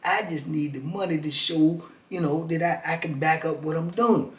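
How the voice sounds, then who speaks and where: A man's voice: fairly high pitch, normal speed, echoey room, recorded from a distance, close to an everyday voice. A man doing a coaxing New Orleans card hustler. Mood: persuasive. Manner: coaxing, calls you baby.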